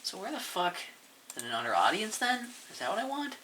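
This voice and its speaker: A man's voice: high-pitched, huge pitch swings, brisk, bright, forceful tone, slight background noise. A man casually rambling through a look back at his own channel, mumbling and swearing offhandedly as he goes. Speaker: YouTuber reviewing his channel.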